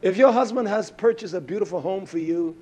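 Husky fiery preacher man. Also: high voice, brisk. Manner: fiery, scolding, swings from loud to quiet. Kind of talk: sermon.

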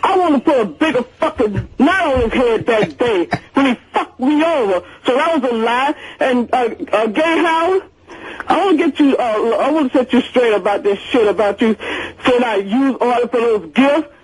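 A woman's voice: on the high side, expressive, normal speed, slightly rough, poor audio. A woman calling in to a radio show, rambling emotionally and swearing heavily. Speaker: caller. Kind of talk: call-in rant.

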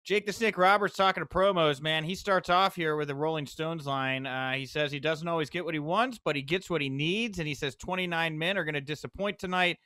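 Male podcast host, casual chatty recapper, slightly high voice, dry close sound. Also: fairly quick, few pauses, dry recording. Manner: lively recapping, excitable asides. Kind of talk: casual chat.

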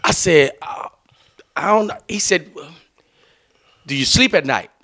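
Man, young adult, podcast host, casual storytelling, profane, laughing, lively swinging pitch, bright tone. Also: slow pace.

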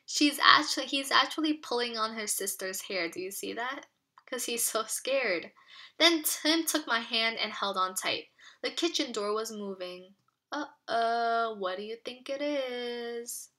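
Woman teacher, children's read-aloud, expressive and questioning, slightly high bright voice. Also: unhurried.

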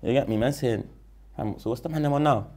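A man with a South London accent talks through a story in an interview, full of slang and lively as he acts out the quoted lines. His voice is gravelly and sits at a middle pitch. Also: quick pace. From London, England. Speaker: rapper guest.

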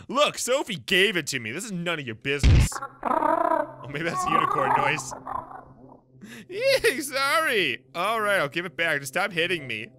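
A man giving excitable, self-mocking let's play commentary, swearing and reacting to a video game. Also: on the high side. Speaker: gaming YouTuber.

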